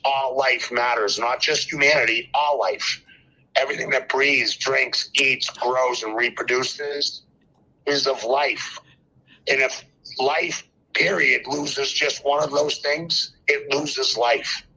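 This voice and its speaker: An older man calls in to a talk show, preaching fervently and repeating phrases for emphasis over a muffled lo-fi line. His mid-range voice is steady in tone, slow, pushed and bright, with a slightly rough edge.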